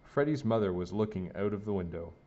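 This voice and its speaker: Low-voiced man reading a children's story. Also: expressive, brisk, warm tone, muffled recording. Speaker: storybook reader. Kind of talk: children's story read-aloud.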